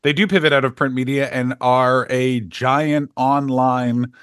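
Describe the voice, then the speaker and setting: A middle-aged man, a comedian co-hosting a podcast, telling profane, animated stories in casual chat. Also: medium pitch, measured pace, clean tone, no echo, clean studio sound.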